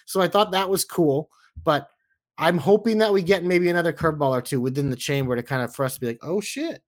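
Measured, slightly high-voiced podcast man. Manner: measured, thinking aloud with hedges. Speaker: podcast co-host. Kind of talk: casual wrestling podcast chat.

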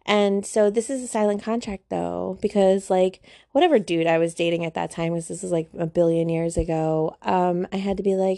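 A woman's voice: mid-range voice, fairly even intonation, a little fast, gravelly, few pauses, darkish tone, no room sound, clean studio sound. A woman giving a casual, chatty self-help monologue, full of slang and filler words. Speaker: spiritual self-help vlogger. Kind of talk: casual talking-to-camera monologue.

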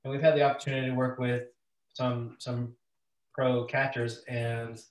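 A man's voice: medium pitch, little pitch movement, moderate pace. A man from Washington State hosting a casual chat, easygoing, often saying "man". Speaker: interview host, coach. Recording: roomy, off-mic.

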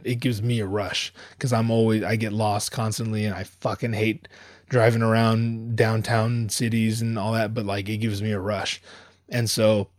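Young man, casual storytelling, swears a lot, frequent restarts, middle-pitched voice, dry close sound. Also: dry recording. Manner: profane, animated, many restarts.

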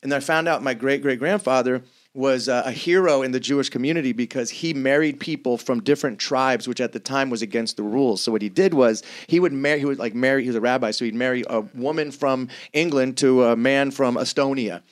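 A man's voice: medium pitch, fairly quick. Crude, joking man telling stories. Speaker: podcast guest. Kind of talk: casual chat.

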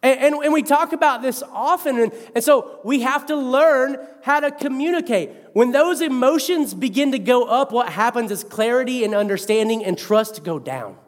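Animated high-voiced male pastor preaching. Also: in a large hall. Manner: animated, conversational, self-mocking, with quick asides. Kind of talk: sermon.

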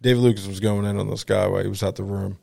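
A man's voice: fairly low pitch, very fast, gravelly, no room sound. Philly guy telling a story on a podcast, doing everyone's voices, dry close mic. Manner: animated, acts out other people's lines with profanity and laughter. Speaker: podcast host. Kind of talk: casual storytelling chat.

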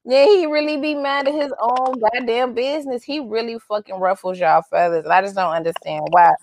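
Blunt, gravelly-voiced woman chatting. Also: on the high side, a little fast, a little mellow, slight background noise. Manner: blunt, profane, laughing often. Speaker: co-host. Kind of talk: casual pop-culture chat.

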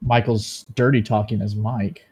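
A man's voice: on the low side, unhurried, slightly rough. An American man with a Southern twang, hosting a casual podcast chat over a call and joking around with his co-hosts. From United States. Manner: joking, animated, drifts into a put-on twang. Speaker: podcast host.

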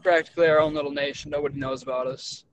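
A man joining the chat with quick joking remarks in a somewhat high voice. He talks fast. His sound is dull, and a crowd can be heard clearly behind him. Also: fairly even intonation. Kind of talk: casual chat.

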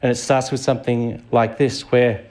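A middle-aged Australian visiting preacher speaks at a moderate pace in a mid-range, somewhat mellow voice with little movement in pitch. He keeps the sermon conversational, asking his audience questions.

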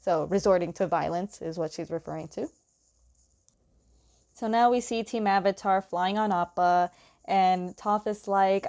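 A woman's voice: medium pitch, a little slow, a little mellow. A young woman casually recaps a story. She speaks in a chatty, loose way, with many filler words and frequent light laughs. Her voice sits in an ordinary middle range. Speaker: comic recap host.

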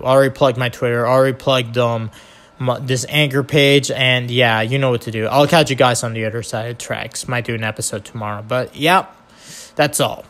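A man hosting a casual solo podcast, with a nasal voice, rambling, restarting his sentences and swearing casually. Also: medium pitch. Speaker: podcast host.

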